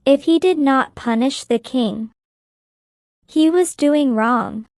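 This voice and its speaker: Slow, clear woman reading a story. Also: high voice, darkish tone, dry recording, clean studio sound. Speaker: narrator. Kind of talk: slow graded-reader story narration.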